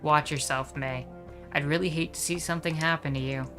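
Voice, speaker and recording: A woman reads out a stern female cop from a video game, voiced deep and low. She drags her words in slow, ominous warnings, with soft game music faint underneath. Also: fairly even intonation, lightly acted. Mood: grim warning.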